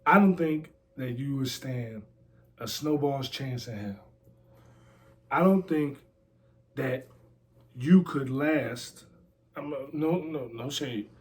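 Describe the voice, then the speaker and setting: A man's voice: mid-range voice, slow pace, pauses often. A man talking casually in an interview, brash and boastful with lots of slang and trash talk. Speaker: interview guest, former pro wrestler. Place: a house.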